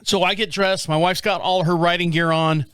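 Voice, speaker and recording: A man's voice: high voice, fairly even intonation, normal speed, fairly bright tone, clean tone, no room sound. Profane storytelling man, close dry mic. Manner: profane, rambling anecdote with acted-out dialogue. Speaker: podcast host. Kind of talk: casual storytelling.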